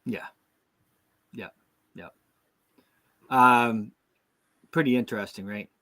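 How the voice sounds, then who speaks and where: A man's voice: medium pitch, slow pace, pushed and bright. A middle-aged man from the United States hosting a casual talk show, rambling with many restarts and fillers. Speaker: show host. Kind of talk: casual chat.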